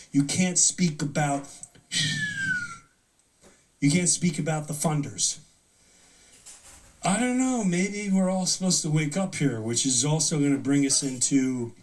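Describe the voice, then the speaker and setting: A man's voice: a little high, darkish tone, far from the mic. A man hosting a live show, ranting comedically with incredulous disbelief and acting out mock conversations. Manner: incredulous, acts out mock dialogue in different voices. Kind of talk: animated comedic rant.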